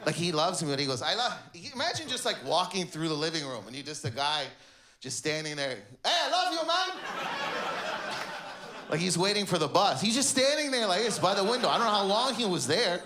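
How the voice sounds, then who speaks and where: A man from Canada doing a stand-up set on stage, animated and loud, jumping into impressions of his family. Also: sits high, fast. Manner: animated, shouts punchlines, slips into impressions of family. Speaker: stand-up comedian. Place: comedy stage before a live audience. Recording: live show with loud crowd laughter.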